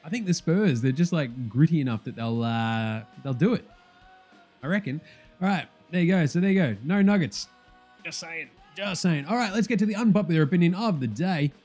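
A male podcast host chats casually about sports, his lively pitch carrying animated, profane, fast rambling. A light music bed runs underneath.

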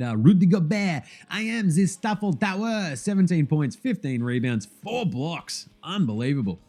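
Sweary, animated sports host. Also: male voice, mid-range voice. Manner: sweary, animated, jokey banter. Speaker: basketball podcast host. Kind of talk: casual sports recap.

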